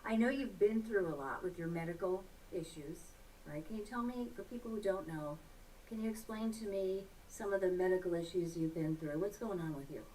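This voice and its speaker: A woman's voice: lowish voice, fairly quick, mellow, distant mic, slight background noise, rough recording. A woman interviewing a family, asking long leading questions. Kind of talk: television interview.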